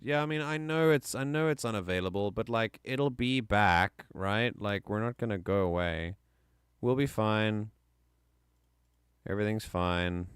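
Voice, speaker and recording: A man's voice: fairly low pitch, unhurried, clean tone, no echo, clean studio sound. A man streaming live, chatting casually and enthusiastically, often rambling and correcting himself mid-sentence.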